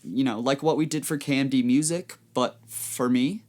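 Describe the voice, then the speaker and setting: A man hosting his podcast, giving a measured, reflective scripted narration. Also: medium pitch, steady tone, darkish tone. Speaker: podcast host.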